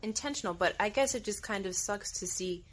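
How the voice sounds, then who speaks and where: A woman's voice: mid-range voice, fairly quick, husky. A woman hosting a casual film discussion, wry and joking, acting out quotes as she explains. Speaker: podcast host.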